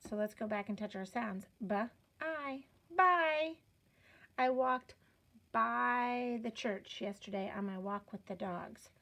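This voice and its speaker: A woman's voice: medium pitch, fairly even intonation, a little slow, creaky, a bit bright. A woman teaching a children's phonics lesson, sounding out letters patiently and encouraging the learners. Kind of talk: slow step-by-step reading lesson.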